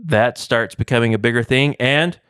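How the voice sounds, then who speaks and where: A man's voice: mid-range voice, normal speed, fairly bright tone, clean tone, no room sound, studio quality. A man in his thirties, co-hosting a podcast, chatting casually with lots of fillers and self-deprecating asides. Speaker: podcast co-host. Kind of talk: casual chat.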